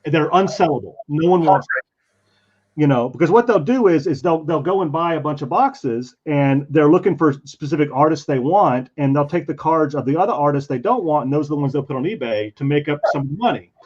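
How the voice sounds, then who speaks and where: Speaking a little high and a little fast, a man who draws comics casually chats through a story from a convention while working. He gets animated, performing the quoted voices of the people in it, and the stream audio is dull and lo-fi.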